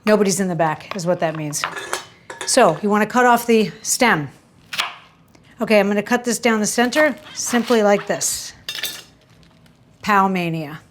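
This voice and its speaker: A woman hosts a cooking show from a kitchen in a casual, running patter. Her voice sits in a middle register, and she is frank and quick to poke fun at herself. Faint sizzling from the pan comes through behind her. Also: mid-range voice, slight background noise, poor audio. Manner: chatty, candid and self-mocking, with sudden exclamations.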